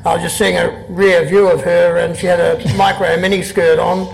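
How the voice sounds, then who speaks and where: An Australian man in his sixties with a strikingly gravelly, creaky voice pitched fairly high for a man. He reads poems and spins dry, wry anecdotes on stage before a live audience. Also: little pitch movement, normal speed, soft background music, rough recording. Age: 60s. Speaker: poet and guest.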